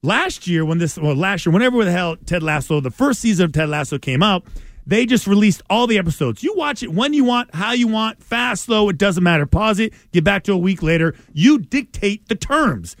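A man with a high, lively voice talks sports radio banter into a dry, close studio mic. He's animated and emphatic, throwing his pitch all over as he vents. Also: dry recording. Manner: animated, emphatic, quick to complain. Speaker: radio sports show co-host.

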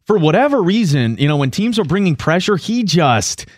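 A man's voice: sits high, big pitch swings, moderate pace, no room sound, studio quality. A man hosting sports talk radio, ranting in frustration.

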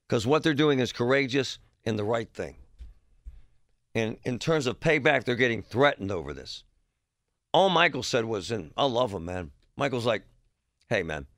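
A man's voice: mid-range voice, a bit bright, dry recording, clean studio sound. A man hosting a talk radio show, delivering a blunt, heated monologue. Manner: blunt, heated, emphatic ranting.

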